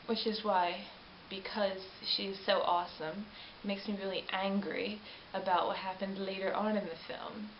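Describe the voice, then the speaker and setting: A woman vlogger chatting casually about a film she reviews, animated and rambling, often correcting herself mid-sentence. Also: medium pitch. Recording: roomy, dull lo-fi webcam audio with faint hiss.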